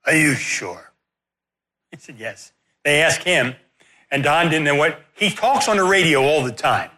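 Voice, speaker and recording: A man preaching in a sermon, telling a story in an animated, self-deprecating way. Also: fairly high pitch, moderate pace.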